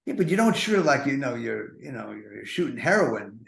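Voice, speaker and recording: At a moderate pace, a very animated man in his seventies with a mid-range, fairly bright voice and vocal fry hosts a podcast. He rambles through comic stories laced with self-mocking, neurotic asides, in a roomy echo.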